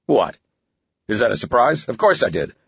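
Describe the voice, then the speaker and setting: A man's voice: mid-range voice, big pitch swings, moderate pace, creaky, a bit bright, husky, no echo, full character voice. A man voicing a crude, ruthless middle-aged bank executive who talks in a blunt, profane, curt way, in an audiobook. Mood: hard-nosed. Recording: dry, slightly dull studio audio.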